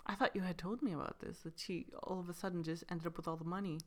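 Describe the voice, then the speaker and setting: A woman co-hosting a casual podcast chat, teasing and animated, often laughing as she tells stories. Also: on the low side, fast. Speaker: podcast co-host.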